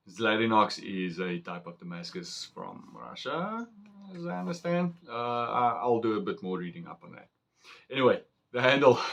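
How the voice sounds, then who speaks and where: Man, lowish voice, unhurried, chatty and excitable. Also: gravelly. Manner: chatty and excitable, rambling with fillers. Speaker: knife reviewer. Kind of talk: casual unboxing chat.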